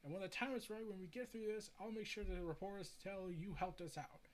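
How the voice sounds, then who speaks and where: A man's voice: high-pitched, fairly quick, natural voice. A man reading a patronizing small-town sheriff. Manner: patronizing, placating.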